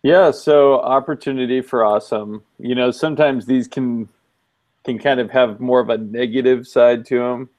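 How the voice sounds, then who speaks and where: A man co-hosting a casual chat, relaxed and measured, with many ums, wearing headphones. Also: medium pitch, dry recording. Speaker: co-host.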